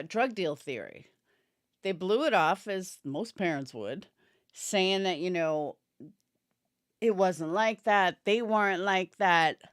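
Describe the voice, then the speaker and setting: A woman's voice: fairly low pitch, fairly bright tone, smooth, no echo, studio quality. A woman giving opinionated casual commentary on a true crime case, answering viewers by name and yawning as she talks. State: yawning, tired. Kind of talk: casual live-stream commentary.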